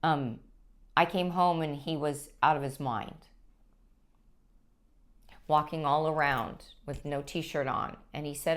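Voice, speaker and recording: A woman sharing her personal story as a guest, speaking earnestly and haltingly, with frequent restarts. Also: low voice, steady tone. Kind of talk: personal testimony.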